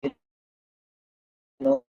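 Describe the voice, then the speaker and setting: A woman's voice: extremely slow, no room sound, phone-quality sound. A woman coaching public speaking in a live online lesson, stressing and repeating her key words. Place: indoors, seated.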